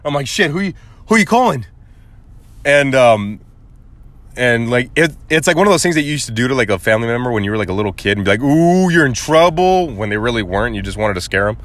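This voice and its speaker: A man's voice: mid-range voice, very fast. A young man from Arizona telling a casual story on his podcast, swearing freely and acting out the people in it. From Arizona, USA. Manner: animated, acts out quoted voices, swears casually. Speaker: podcast host.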